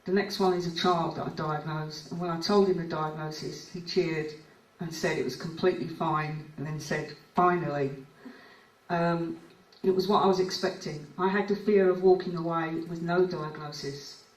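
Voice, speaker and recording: A woman's voice: fairly low pitch, steady tone, normal speed. Woman clinician giving a conference talk, chatty, voice sounds far off with lots of room echo. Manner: conversational, recounts cases and reads out clients' words. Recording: echoey hall picked up from afar.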